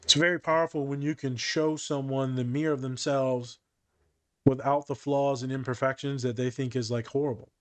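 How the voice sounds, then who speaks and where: A mid-range male voice at a moderate pace, recorded dry, belongs to a therapist hosting a casual podcast. He spins stories from his office with animation, voicing the quoted dialogue himself.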